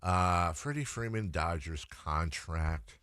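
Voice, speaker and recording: A man's voice: sits low, slow pace, a bit bright, clean tone, no echo. A man hosting sports talk radio, opinionated and thinking aloud on a studio microphone.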